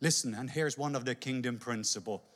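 A man preaching a sermon with animated, dramatic storytelling, acting out voices as he goes. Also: mid-range voice, brisk, in a large hall.

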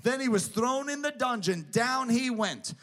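High-voiced man preaching an emphatic sermon. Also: animated, measured pace, fairly bright tone. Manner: emphatic, builds repeated parallel phrases.

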